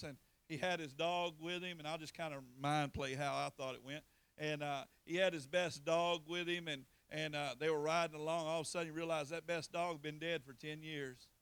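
Man, preacher, folksy storytelling, bright crisp voice, dry close sound. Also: on the high side, no room sound. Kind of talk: sermon.

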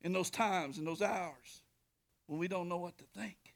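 A man preaching a sermon, telling a story with animated swings from shouting to whispering and calling out to the congregation. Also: high voice, measured pace, gravelly. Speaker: pastor.

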